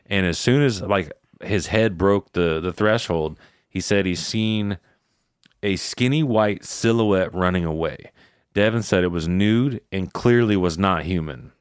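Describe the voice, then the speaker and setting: Man, very low voice, smooth and clear, dry close sound, casual profane storytelling. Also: unhurried, no echo. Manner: retells eerie stories in casual, profane talk. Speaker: podcast host.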